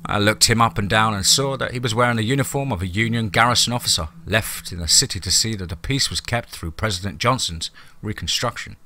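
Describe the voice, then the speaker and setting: A male narrator reads a horror story in a grave, formal way. His voice sits a little low but has a very bright, forceful edge. He keeps an even, measured tone.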